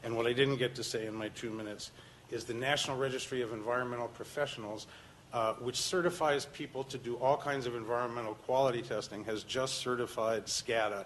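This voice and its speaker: A man's voice: medium pitch, steady tone, fairly quick, fairly bright tone, rough recording. Insistent man testifying, faint noise. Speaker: public commenter. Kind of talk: public testimony at a hearing.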